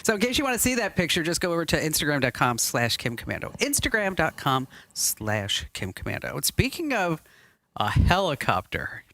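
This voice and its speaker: A woman hosting a podcast, talking in a chatty, animated way, her voice rising and falling widely as she laughs and tells stories. She sounds close and dry at a studio mic, with no room sound around her. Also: deep voice, fairly quick, no echo. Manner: chatty, laughs often, lively storytelling. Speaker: podcast host. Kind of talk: casual studio banter.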